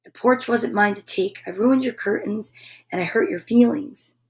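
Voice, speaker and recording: A woman's voice: medium pitch, moderate pace, lightly acted. A woman voicing a huffy little critter girl. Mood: apologetic. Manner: scoffing, huffing. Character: prickly female storybook critter, proud of her porch.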